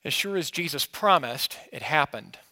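A pastor preaching an expository sermon in a conversational way, asking his listeners questions and swinging between emphatic and quiet. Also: on the high side, expressive, normal speed, vocal fry.

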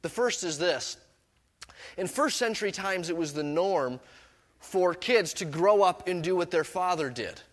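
A man's voice: sits high, expressive, a little slow. A middle-aged man preaching a sermon as pastor, mixing scripture with personal stories in a conversational way. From Canada.

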